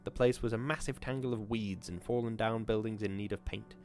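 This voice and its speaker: A man and podcast host reading a classic horror short story aloud in a measured, formal narrating voice. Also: lowish voice, steady tone, darkish tone, soft background music.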